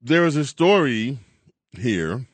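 A man hosting a talk radio show, chatting in an animated, chuckling monologue. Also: mid-range voice, slow pace, breathy edge, no room sound. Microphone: studio mic.

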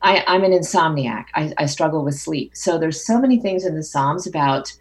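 A middle-aged woman speaks as a guest in a conversation, thoughtful and earnest, often circling back to restart a phrase. Her voice sits somewhat low for a woman. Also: moderate pace, darkish tone. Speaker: author and guest. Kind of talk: phone interview conversation.

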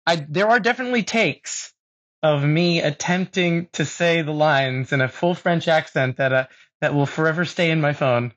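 A man's voice: on the high side, normal speed, a bit bright. A young man, a stage actor, chatting as an interview guest in a self-deprecating way with frequent laughs and restarts. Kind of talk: casual interview chat. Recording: dull lo-fi sound.

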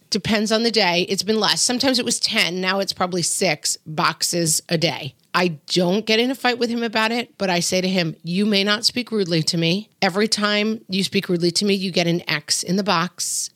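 A middle-aged woman co-hosting a casual parenting chat, talking in a firm, emphatic way and acting out quotes in lively voices. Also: on the low side, no room sound, studio quality. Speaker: podcast co-host.

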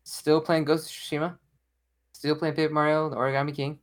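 A man's voice: fairly high pitch, level tone, a little fast. A man co-hosting a casual podcast, talking with enthusiasm. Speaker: podcast co-host.

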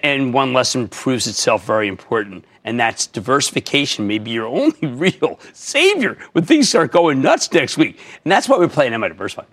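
A man in his sixties hosting a TV stock market show, talking in an emphatic, excitable way and sometimes shouting out names. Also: a little high. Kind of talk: energetic TV finance commentary.

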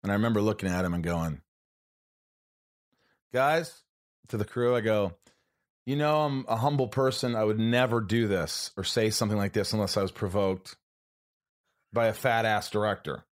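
Swearing animated male storyteller. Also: on the low side, moderate pace, long pauses. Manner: animated storyteller, acts out quotes, swears often. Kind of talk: casual storytelling chat.

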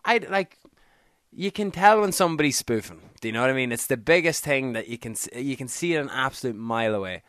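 Man, podcast co-host, bright tense tone, smooth clear voice, dry close sound. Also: mid-range voice, expressive, quick pace, no echo. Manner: keeps adding "do you know what I mean?". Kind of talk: casual chat.

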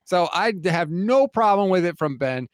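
A man with a fairly high voice pushes back in a casual sports debate with dry sarcasm. His voice is close and dry, with no room sound. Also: moderate pace, dry recording. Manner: dry, sarcastic, calmly countering. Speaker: podcast co-host.

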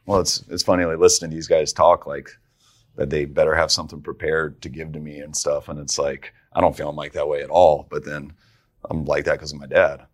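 Low-voiced man telling stories casually. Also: level tone, brisk. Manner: conversational, with frequent restarts and laughs while telling stories. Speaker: head coach, podcast guest. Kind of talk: casual storytelling.

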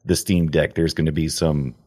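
A man's voice: extremely low pitch, level tone, normal speed, mellow, breathy edge. A man co-hosting a casual chat about games, blunt and opinionated, joking with his co-host. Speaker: podcast co-host. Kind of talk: casual live-streamed chat.

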